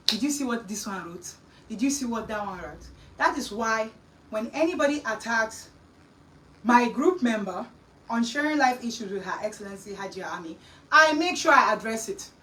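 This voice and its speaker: A woman host with a Nigerian accent telling a story in a lively, scolding chat, slipping into Pidgin and Yoruba. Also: fairly high pitch, recorded from a distance, a little hiss or hum, low-quality recording. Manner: animated, mixing Pidgin and Yoruba, scolding asides.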